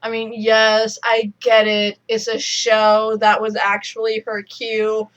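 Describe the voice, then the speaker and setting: A woman's voice: a little high, monotone, slow pace, a bit bright, highs cut off. Chatty woman reviewing a TV episode. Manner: chatty, explains at length with fillers. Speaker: podcast co-host. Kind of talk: casual chat reviewing a TV episode.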